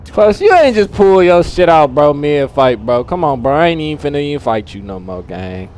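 Animated man trash-talking a game. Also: a little high, normal speed. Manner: animated trash talk at the game, loud outbursts. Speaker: gaming channel host. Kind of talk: live gameplay commentary.

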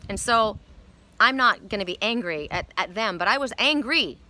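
A woman with a bright, forceful voice gives a casual spiritual card reading outdoors. She rambles candidly and chattily, speaking straight to her listeners. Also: mid-range voice, lively intonation, normal speed. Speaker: oracle card reader.

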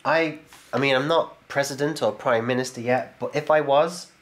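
A man's voice: medium pitch, moderate pace. A man hosting his own channel, chatting cheerfully and laughing often as he opens and reads viewer mail aloud. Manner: chatty and enthusiastic, laughs often, talks to the camera. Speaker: YouTube channel host opening viewer mail. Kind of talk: casual chat, reading letters aloud.

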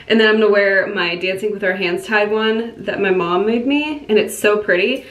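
A bubbly young woman talks straight to her phone camera in a casual vlog. She gushes excitedly and fills her sentences with "like". Her pitch sits in the middle of the range for a woman. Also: normal speed, few pauses, dull audio. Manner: bubbly and gushing, frequent "like" fillers. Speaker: vlogger. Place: at home, in a car and in stores.

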